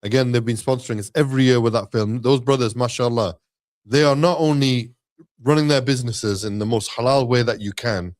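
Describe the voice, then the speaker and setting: A man co-hosting an Islamic live stream in casual chat, giving upbeat sponsor shout-outs. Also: medium pitch, fairly even intonation, a little fast.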